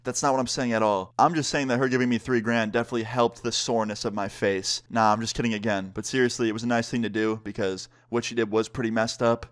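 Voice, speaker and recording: Young guy vlogger, mid-pitched, relaxed chatty storytime delivery. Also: quick pace, few pauses. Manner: casual, animated storytelling with filler words. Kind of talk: storytime vlog.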